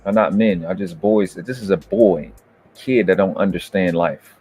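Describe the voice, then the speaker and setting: A man's voice: low voice, moderate pace, slightly rough, soft background music. Profane, ranting male debate commentator. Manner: profane, berating, escalating into shouting. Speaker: host reviewing a debate. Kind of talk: heated commentary rant.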